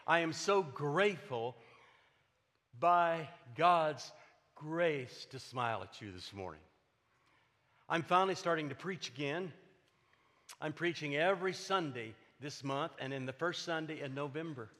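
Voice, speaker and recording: A man's voice: on the high side, expressive, unhurried, pauses often, sharp tone. An older man, preaching a sermon as a personal testimony, earnest and emphatic with repeated phrases. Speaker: pastor. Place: church sanctuary. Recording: hall reverb.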